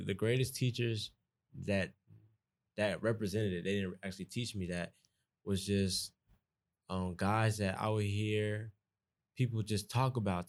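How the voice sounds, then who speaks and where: A man's voice: lowish voice, gravelly, darkish tone. A young man with a Southern Georgia accent, talking casually as a podcast guest, rambling and restarting his sentences. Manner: rambling, restarts often, folksy. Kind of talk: casual conversation.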